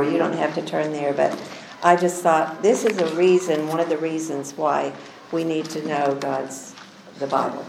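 An older woman teaching a women's Bible study, telling a family story in an earnest, chatty way with soft asides. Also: low voice, vocal fry, echoey room, slight background noise, rough recording.

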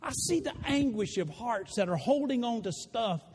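A man preaching a sermon in a church, animated and rising to shouts. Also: very high voice, moderate pace, slight background noise. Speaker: pastor. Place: church sanctuary. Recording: long reverb of a large room.

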